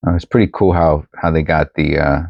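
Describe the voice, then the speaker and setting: A man's voice: extremely low pitch, fairly even intonation, fairly quick, creaky, no echo, muffled recording. A man chatting casually as he sorts coins at home on a new microphone, rambling and thinking aloud with many restarts. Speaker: coin collecting vlogger. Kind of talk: casual chat while sorting coins. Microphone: new desk microphone.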